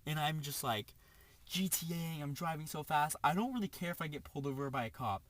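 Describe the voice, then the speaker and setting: A young man casually telling a story, animated, acting out the quotes, with lots of "like" as filler. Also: a little high, a little fast.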